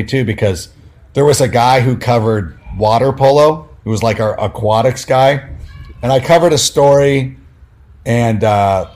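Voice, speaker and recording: A middle-pitched man telling stories in a relaxed interview, his voice leaping up and down as he replays conversations. He talks in loose runs full of "like" and restarts. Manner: animated, many fillers, acts out quoted dialogue. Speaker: guest, sports writer. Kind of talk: casual interview storytelling.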